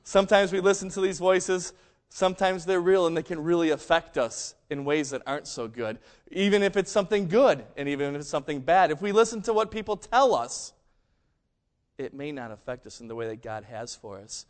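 A man preaching a sermon, telling a story and acting out the quoted lines with big swings between loud and quiet. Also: a little high, lively intonation, brisk. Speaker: pastor.

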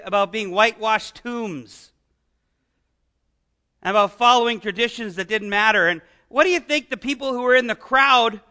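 A man delivers a conversational sermon in a strikingly high voice. His tone is bright and sharp as he poses rhetorical questions and chuckles between points. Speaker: pastor.

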